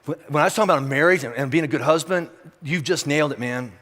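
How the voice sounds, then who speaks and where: In a fast, fairly high, slightly bright voice, a pastor speaks straight to his congregation in a conversational sermon packed with rapid rhetorical questions. It's set in a large church auditorium, and the long reverb of the hall comes through.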